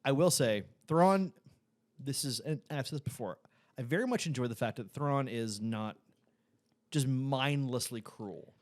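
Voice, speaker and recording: A man co-hosting a casual podcast who explains his points calmly. His delivery stays loose and conversational, with light chuckles mixed in. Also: medium pitch, unhurried. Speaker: podcast co-host. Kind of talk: casual recap chat.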